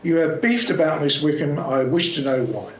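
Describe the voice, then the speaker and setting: A man reading aloud, voicing an excitable young upper-class gentleman in a comic story. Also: on the high side, moderate pace, roomy sound, slight background noise, natural voice, low-quality recording. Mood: indignant. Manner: excitable and indignant.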